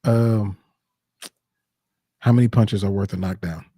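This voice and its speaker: A man's voice: on the low side, fairly even intonation, measured pace, mellow, breathy edge, dry recording, studio quality. A man co-hosting a live fight-talk stream, speaking in a laid-back, casual way, often hesitating and laughing. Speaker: co-host of a live fight show.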